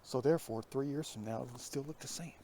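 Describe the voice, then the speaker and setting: A man vlogging outdoors on a foggy hillside, talking in a hushed, often half-whispered, reflective way into a phone headset mic. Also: medium pitch, a little fast, a little hiss or hum. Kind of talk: musing outdoor vlog. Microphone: iPhone with plugged-in headset.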